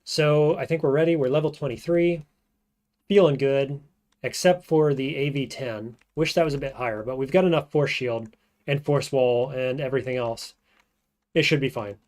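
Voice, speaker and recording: A man's voice: mid-range voice, moderate pace. Man muttering through a game. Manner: thinking aloud, muttering, trailing off quietly. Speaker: streamer playing a roguelike. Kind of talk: casual gameplay commentary.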